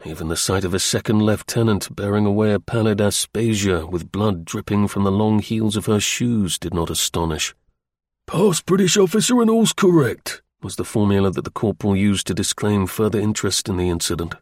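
A man reads a novel aloud with a measured, unhurried delivery. His voice sits low. The sound is dry and close, with no room around it. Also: fairly even intonation, dry recording. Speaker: narrator. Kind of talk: scripted audiobook narration.

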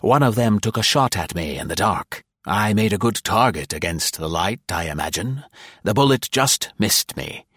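A broad-shouldered, gruff stranger with a deep voice and a wry, wary manner , as an audiobook narrator plays him. The reading is close and dry. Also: male voice, expressive, normal speed, fairly bright tone, dry recording. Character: heavy-set, gruff, suspicious man with a gun.

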